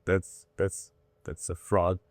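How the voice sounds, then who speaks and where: Animated man in his thirties, dry sound. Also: low-pitched, slow, no room sound. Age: 30s. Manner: candid, animated storytelling with acted-out quotes. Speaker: comedian guest. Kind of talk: casual interview chat.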